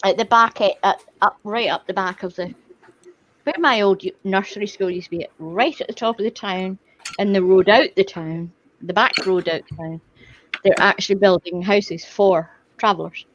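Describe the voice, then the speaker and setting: A woman's voice: mid-range voice, steady tone, normal speed, fairly bright tone. A woman in casual group chat, swearing casually as she joins in. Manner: swears casually, chatty interjections. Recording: dull lo-fi sound with faint noise.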